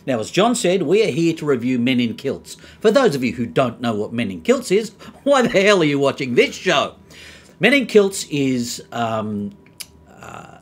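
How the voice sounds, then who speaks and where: A man's voice: a little high, fairly bright tone, husky. A man from Australia with an Australian accent, co-hosting a comedic review chat with upbeat banter. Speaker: co-host.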